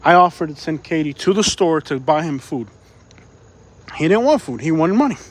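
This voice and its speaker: A man's voice: a little high, lively intonation, normal speed. Rambling man streaming while walking. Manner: rambling, repeats himself, reads chat aloud. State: out of breath from walking. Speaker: live-stream vlogger. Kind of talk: casual live-stream walking commentary. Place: outdoors on city streets.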